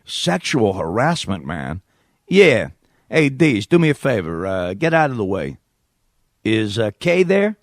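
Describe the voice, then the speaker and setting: A man's voice: medium pitch, sing-song, a little slow, no room sound. Guy doing a sleazy new york caller, smarmy and pushy, real dry sound. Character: sleazy male caller who hits on a radio co-host.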